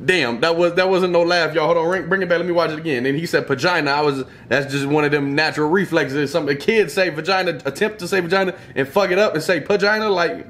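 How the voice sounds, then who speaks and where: A man's voice: on the high side, fairly even intonation, quick pace, few pauses, fairly bright tone. A young man giving casual reaction commentary on funny clips, swearing and joking in heavy slang. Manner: profane, exclaiming, joking slang-heavy banter.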